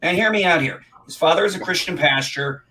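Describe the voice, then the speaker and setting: A man's voice: fairly high pitch, brisk, crowd noise, poor audio. A man in a casual live chat, talking in a chatty, emphatic way. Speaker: chat show panelist. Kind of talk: casual chat about old TV shows.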